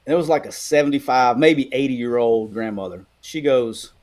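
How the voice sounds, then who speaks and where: Speaking at a normal speed with few pauses, this middle-aged co-host from Alabama keeps the sports talk casual. His ordinary-pitched male voice carries long, lively, meandering stories, and he frequently starts his sentences over.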